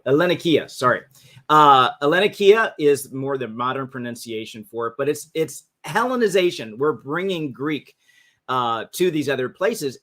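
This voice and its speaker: A man's voice: medium pitch, a bit bright. A man hosting a livestream, explaining history in a casual teaching talk that often restarts its phrases. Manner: casual, restarts phrases, talks through slides. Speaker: host. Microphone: livestream mic.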